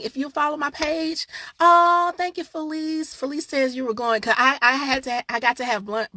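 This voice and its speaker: Gravelly, husky woman hosting live talk. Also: high-pitched, bright, forceful tone, no room sound. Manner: chatty and candid, talks straight to viewers. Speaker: host of a live online show. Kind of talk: casual live-stream talk to viewers.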